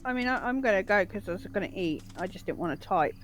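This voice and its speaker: A woman's voice: mid-range voice, expressive, quick pace. A woman chatting with friends over voice chat, telling rambling stories about her day. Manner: chatty, rambling storytelling with frequent restarts and laughs. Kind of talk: casual chat.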